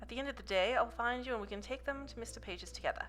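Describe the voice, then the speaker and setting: A woman voicing a calm, dutiful government official in a measured, formal way. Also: on the high side, soft background music, close to an everyday voice. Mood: stern.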